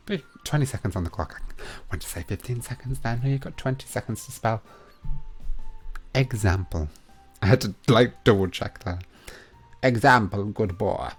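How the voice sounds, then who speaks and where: A young man hosting a live online quiz. He reads each question twice, slowly and with emphasis, and chats playfully between questions. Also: on the low side, breathy edge, faint music behind. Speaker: quiz host.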